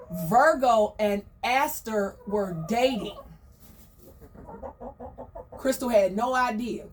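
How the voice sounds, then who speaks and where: A woman telling a story in a chatty, slangy, gossipy way, full of animated asides. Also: fairly high pitch, distant mic.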